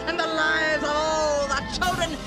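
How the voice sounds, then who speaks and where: A woman's voice: high-pitched, level tone, a little slow, rough recording. An actress playing a vengeful old witch, shrieking a grand theatrical curse in a film scene. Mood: menacing. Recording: film clip with loud music. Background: loud film score.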